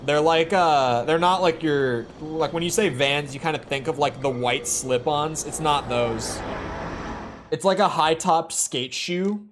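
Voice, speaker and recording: Slow-talking man streaming a game. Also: a little high, slight background noise. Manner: rambling, self-correcting, chatting to viewers. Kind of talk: live gameplay commentary.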